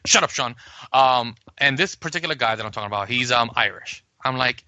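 Bright-voiced animated podcast guy. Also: mid-range voice, moderate pace, no echo, muffled recording. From Puerto Rico. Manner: animated, swearing, acts out quoted arguments. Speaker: podcast co-host. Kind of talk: casual podcast chat.

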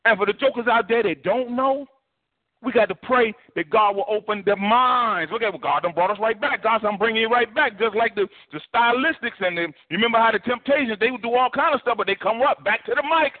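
A man preaches as pastor in a very high-pitched voice, moving fairly quickly. Colloquial and preachy, he animates his sermon with put-on voices, all heard through tinny, phone-like broadcast audio.

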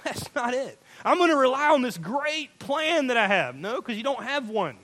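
A man's voice: extremely high pitch, sing-song, normal speed, a bit bright. A man preaching a sermon, emphatic, quoting people in acted asides. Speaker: pastor.

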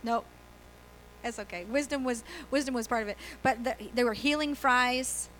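A woman's voice: on the high side, normal speed, fairly bright tone, a little hiss or hum, rough recording. A woman pastor giving a conversational sermon, asking the congregation questions and laughing easily. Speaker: guest pastor.

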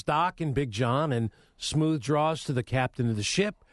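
A man co-hosting a radio talk show in a studio, chatting and giving shout-outs. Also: medium pitch, measured pace, dry recording. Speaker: radio co-host. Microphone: studio mic.

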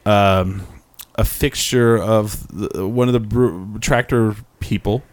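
A man's voice: on the low side, fairly even intonation, slow pace, no echo. Rambling man on a casual podcast. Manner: rambling storyteller, acts out quotes. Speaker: podcast co-host. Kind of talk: casual chat.

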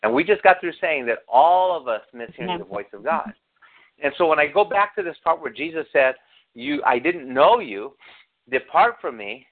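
A man's voice: fairly high pitch, sing-song, moderate pace. A male pastor preaches in a conversational, storytelling way. He acts out the people in his stories and puts questions to his listeners. The sound is thin and tinny, like a phone line. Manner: storytelling, acts out quotes, asks the congregation questions. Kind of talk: sermon.

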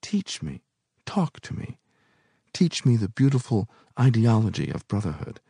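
A coaxing, flirtatious wealthy woman , as a male reader puts her on, cooing her pleas in a lifted, breathy voice that swings up high. The recording is dry and close, with no room sound. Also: huge pitch swings, a little slow, dark tone, no echo, exaggerated voice. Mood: pleading.

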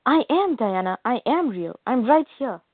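Steady soldier man, read by a woman. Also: a little high, normal speed, dry recording, pitched above the performer's own voice. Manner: plain read-aloud delivery. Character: steady male soldier, calm under pressure. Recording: phone-like dry audio.

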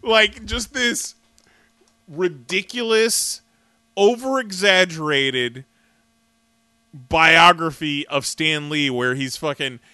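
A man running a casual comics podcast, talking in an animated, laughing way and swearing freely. His voice is bright and a bit high for a man, and it sounds close and dry. A faint mains hum sits under him. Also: takes it slowly, long pauses, clear, resonant tone, no room sound. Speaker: podcast co-host. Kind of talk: casual chat.

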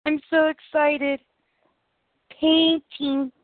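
A high-voiced woman hosts a casual podcast, chatty and animated as she tells stories and laughs along. The audio is dry and thin, like a phone line. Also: very slow, no room sound. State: coughing after swallowing the wrong way. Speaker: podcast host. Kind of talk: casual chat.

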